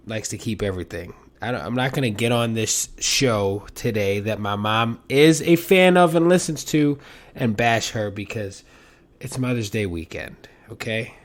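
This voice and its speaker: A man hosting his own podcast alone, rambling and self-mocking in a casual monologue with big swings in loudness. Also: lowish voice. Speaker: podcast host.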